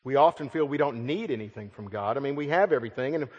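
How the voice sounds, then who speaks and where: A middle-aged man preaching a sermon, his voice swelling loud and then dropping to a hush. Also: medium pitch, lively intonation, fast, breathy edge, muffled recording. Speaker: pastor. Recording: long hall reverb.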